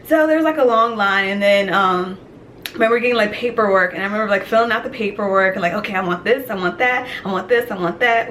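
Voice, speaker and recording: A young woman telling a dream story in casual vlog style, animated and chatty, with many "like" fillers. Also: medium pitch, fast talker, slight background noise. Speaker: vlogger.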